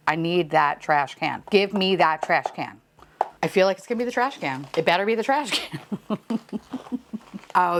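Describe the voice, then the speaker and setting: A woman hosting an unboxing video, chatting casually and gushing over cute finds, with some swearing. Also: a little high.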